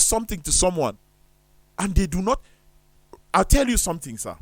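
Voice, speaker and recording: Emphatic preacherly man, lively pitch. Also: normal speed, no echo. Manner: emphatic, preacherly, rhetorical questions. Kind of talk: preachy studio discussion.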